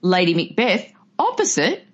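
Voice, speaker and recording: A woman's voice: fairly low pitch, huge pitch swings, measured pace. A woman guest on a podcast, chatting about an old film in a chatty, enthusiastic way. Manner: chatty and enthusiastic, breaks into funny impressions. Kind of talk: casual film discussion. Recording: dull lo-fi recording.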